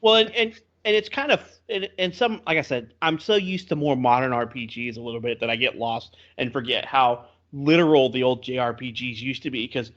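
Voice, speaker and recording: Man, podcast co-host; chatty and animated in casual game talk; slightly muffled lo-fi sound. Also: medium pitch, brisk, hardly any pauses. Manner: chatty, animated storytelling with laughs. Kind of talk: casual game review chat. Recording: slightly dull lo-fi audio.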